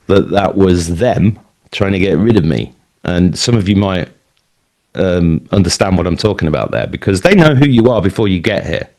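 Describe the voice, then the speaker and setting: A man's voice: sits low, a little mellow. An English man in his fifties telling his life story to a live audience, rambling and conversational, with plenty of fillers and asides. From England. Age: 50s. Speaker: speaker at an event. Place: talk before a live audience.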